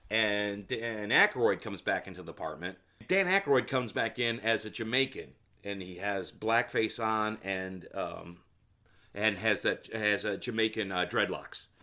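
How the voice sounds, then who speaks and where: A man's voice: fairly low pitch, bright, forceful tone. A man hosting a solo comedy podcast and recapping a film in a casual, rambling way, with filler words and asides. He gives blunt opinions and talks straight to the listener. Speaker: podcast host.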